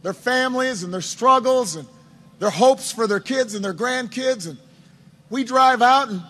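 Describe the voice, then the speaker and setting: High-pitched man telling a campaign story. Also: bright, forceful tone. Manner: storytelling with many self-repetitions and wry asides. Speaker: politician addressing supporters. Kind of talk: anecdotal campaign speech. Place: indoors at a campaign office.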